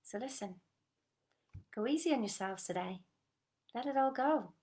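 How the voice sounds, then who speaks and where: A woman coaching listeners on a group call in an earnest, coaxing manner, often dropping to a soft whisper and checking in with short questions. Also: on the high side, expressive, moderate pace. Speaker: motivational coach. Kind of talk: motivational talk on a group call.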